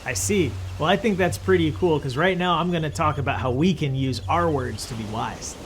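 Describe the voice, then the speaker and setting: A man's voice: a little high, normal speed, a little hiss or hum. A young man teaching a scripted Bible lesson to children in a friendly, patient way.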